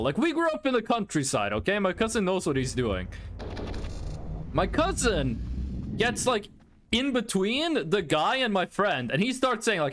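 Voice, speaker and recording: A man streaming live, telling a profane, animated story in a casual way, with frequent restarts. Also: high-pitched.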